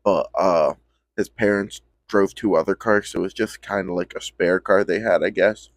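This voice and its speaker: A man's voice: sits low, fairly even intonation, moderate pace, dry recording. Laid-back young man telling a story. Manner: slangy, profane, laid-back storytelling with quoted friends. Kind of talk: casual storytime.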